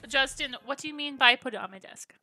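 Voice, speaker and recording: A woman's voice: high-pitched, fast, pushed and bright, dry recording. A woman hosting a gaming livestream, chatting casually and bubbly with her viewers. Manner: bubbly, chatty, reacting to chat.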